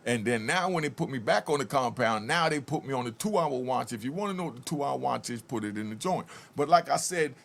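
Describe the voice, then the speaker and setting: A man who served time, talking straight to viewers in an animated, casual way as he comments on a video and tells prison stories. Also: medium pitch, brisk, vocal fry, hardly any pauses.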